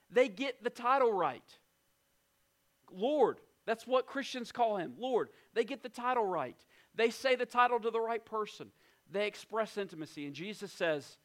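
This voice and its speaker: A high-voiced man preaching a sermon as a pastor. He is emphatic and earnest, slowing right down and sinking to a near hush to let weighty lines land. His delivery is deliberate and built around repeated phrases. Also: expressive. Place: church in West Virginia.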